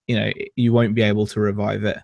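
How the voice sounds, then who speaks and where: A man's voice: lowish voice, flat delivery, quick pace, gravelly, a little mellow, dry recording. A man chatting casually as co-host of a livestream, laid-back and hesitant.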